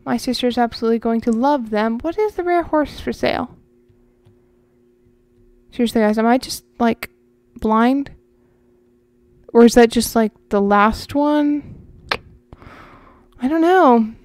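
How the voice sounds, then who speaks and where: Playing a game for her channel, a woman rambles to viewers and often thinks out loud in a chatty, loose style. Her slightly high voice is smooth and clear, moving at a measured pace with long pauses. The audio is close and dry with no room echo.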